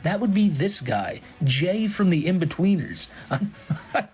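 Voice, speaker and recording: A man's voice: high-pitched, lively intonation, a little slow, a little mellow. A man streaming casual commentary, mocking his subject and laughing often.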